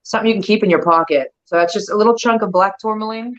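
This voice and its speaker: A woman's voice: mid-range voice, quick pace, lo-fi sound. A woman, a guest, chatting and explaining things simply over a video call. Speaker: guest, crystal seller. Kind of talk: casual chat.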